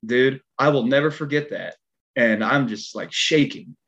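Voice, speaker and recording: A man's voice: medium pitch, measured pace. Rambling man with a twang, dull sound. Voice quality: twang in his speech. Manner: animated, rambling, heavy filler words. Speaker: stunt performer guest. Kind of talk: casual storytelling.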